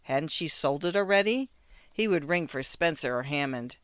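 A man reads a literary story with measured, rhythmic phrasing, his smooth, resonant voice sitting slightly high. The sound is close and dry, with no room around it. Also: lively intonation, a bit bright, dry recording. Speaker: narrator. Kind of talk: scripted narration of a literary story.

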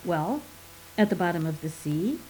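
A woman's voice: fairly low pitch, very animated, normal speed, mellow, slight background noise, low-quality recording. Woman reading as an eager improvising man.

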